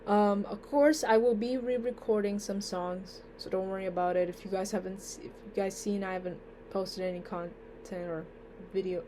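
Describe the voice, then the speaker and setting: A woman's voice: mid-range voice, fairly even intonation, moderate pace, hardly any pauses, warm tone, slight background noise. Sleepy young woman rambling in a vlog. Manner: rambling, with many fillers and trailing "so yeah". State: sleepy and tired. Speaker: vlogger. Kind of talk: casual vlog chat.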